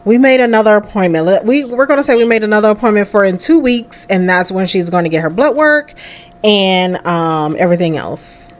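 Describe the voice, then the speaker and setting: A woman's voice: medium pitch, animated, a little fast. A young woman chatting casually through a life-sim game, talking to her character as she plays. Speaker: let's play host. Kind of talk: casual gameplay commentary.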